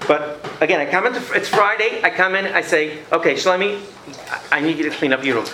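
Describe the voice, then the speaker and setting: A man's voice: high-pitched, expressive, quick pace, sharp tone, roomy sound, slight background noise, rough recording. A man giving a lecture on parenting to an audience, acting out scenes with his children and taking questions. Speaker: educator giving a parenting talk.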